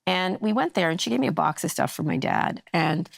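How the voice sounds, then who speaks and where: A woman's voice: lowish voice, brisk, vocal fry, no room sound, clean studio sound. A middle-aged woman, a guest on a talk show, chatting casually and acting out the people in her stories. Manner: animated storytelling, acts out quoted dialogue. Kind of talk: casual chat.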